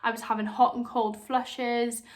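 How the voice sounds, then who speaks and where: A young woman vlogger and new mother chats candidly to camera in a slightly high voice with little pitch movement, taking her time. She's open and talkative, and she switches into other voices whenever she quotes someone.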